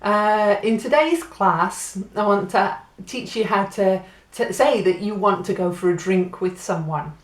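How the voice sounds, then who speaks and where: A woman's voice: medium pitch, a little slow, echoey room. A woman from Great Britain giving a patient spoken language lesson, spelling out and repeating words. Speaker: Spanish teacher.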